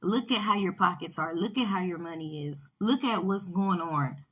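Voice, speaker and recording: A woman's voice: on the low side, normal speed, fairly bright tone, slightly rough. A woman giving an opinion rant on her vlog, emphatic and repeating her points. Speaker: video commentator.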